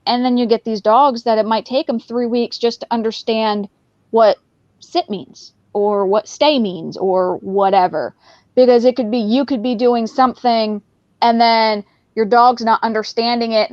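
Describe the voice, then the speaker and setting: A woman guest in a casual conversation who talks in an animated way and often acts out what a dog might be thinking. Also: on the high side, a little slow, dry recording, dull audio.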